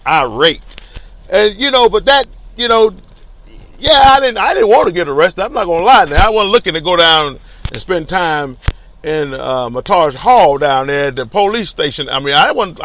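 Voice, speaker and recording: A man, a teachers union leader telling a story in an animated, colloquial and emphatic way. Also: a little high. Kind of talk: casual spoken storytelling.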